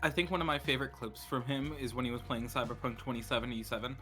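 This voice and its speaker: A man's voice: medium pitch, steady tone, fast, sharp tone, soft background music. A man chatting on a stream as a guest, telling stories with casual swearing. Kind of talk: casual chat.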